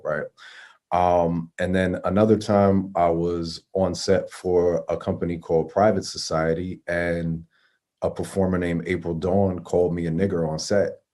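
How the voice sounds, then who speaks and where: A man's voice: low voice, a little mellow. A man speaking as a panelist in a casual discussion, earnest, often asking "you know what I'm saying".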